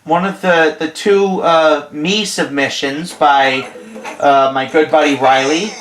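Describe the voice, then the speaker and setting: Stuffy male host, unhurried playful video game play-by-play, roomy sound, music behind. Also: a little high, fairly even intonation, fairly bright tone. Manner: playful, jokey, corrects himself. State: stuffy nose.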